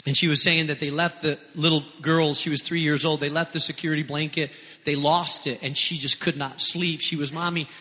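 Male pastor, high-pitched and very bright, impassioned repetitive preaching, long hall echo. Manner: impassioned preaching, repeating phrases. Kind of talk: sermon.

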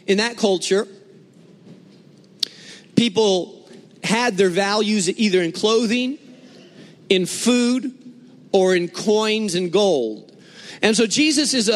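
A man preaching a sermon, explaining scripture and telling lively, humorous stories from his own life. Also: high voice, big-room sound. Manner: animated storytelling with humor. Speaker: pastor.

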